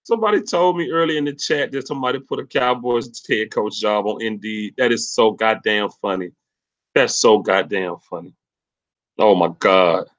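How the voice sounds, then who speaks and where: A man hosting a sports livestream, ranting angrily and cursing, swinging between loud rants and low mutters. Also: steady tone, normal speed, muffled recording. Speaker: sports channel host. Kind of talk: profane livestream sports rant.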